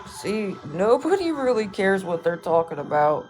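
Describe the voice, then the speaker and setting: A woman's voice: mid-range voice, sing-song, normal speed, darkish tone, faint music behind. A woman chatting casually on a livestream, brushing off trolls with a laid-back, dismissive, swear-heavy manner.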